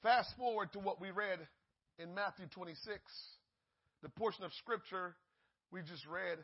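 A man preaching a sermon, swinging from shouted peaks to hushed asides and acting out the voices in the story. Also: sits high, normal speed, slightly rough, highs cut off.

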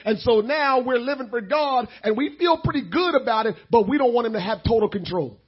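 A middle-aged man preaches with a strikingly high, husky voice. He drops to hushed talk, then climbs to shouting, and his voice cracks with feeling. The recording sounds dull and lo-fi. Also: expressive, brisk. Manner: swings from quiet to shouting, voice breaking with emotion. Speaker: pastor. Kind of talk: sermon.

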